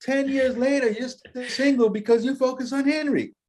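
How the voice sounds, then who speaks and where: A man telling his story in an interview, talking in an animated motivational way and acting out the voices of people he quotes. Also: very high-pitched, normal speed. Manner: acts out quoted voices, lively and emphatic. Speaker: interview guest, empowerment coach.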